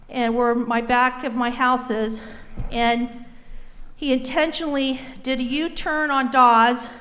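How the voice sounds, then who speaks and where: Brief: agitated woman resident at a meeting podium, bright, high voice. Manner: upset, emotional, laughing nervously. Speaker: resident giving public comment. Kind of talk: public comment at a town meeting.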